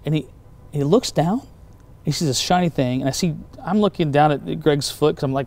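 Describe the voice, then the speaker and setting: A middle-aged pastor, appearing as an interview guest, tells a story animatedly in a fairly high voice at a fairly quick pace, acting out what people said.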